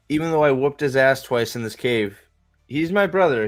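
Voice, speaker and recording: Man, movie rant, profane, stammering, slightly high voice. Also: measured pace. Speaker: movie reviewer.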